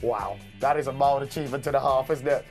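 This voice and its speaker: A man's voice: medium pitch, quick pace, faint music behind. A young man presenting children's TV, mock-serious and dry in comic banter.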